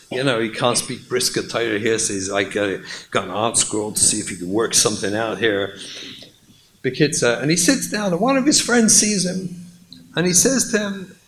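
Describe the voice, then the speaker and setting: A man, a rabbi, telling a humorous story in a lecture, in a lively way, mixing in Yiddish and Hebrew words. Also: medium pitch, brisk, slight background noise, poor audio.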